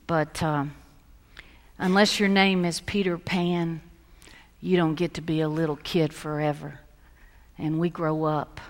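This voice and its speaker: A woman pastor preaching a sermon, telling stories and moving between lively emphasis and hushed soft passages. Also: sits low, a little slow, pauses often. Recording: long reverb of a large hall.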